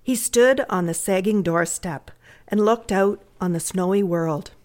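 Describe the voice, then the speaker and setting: A woman from Canada reading a classic short story aloud, measured and expressive. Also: mid-range voice. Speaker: reader.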